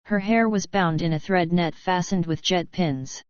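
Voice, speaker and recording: Audiobook narrator, woman, measured delivery, lowish smooth voice, dry close sound. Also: a little mellow, no room sound, dull audio. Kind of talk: scripted narration.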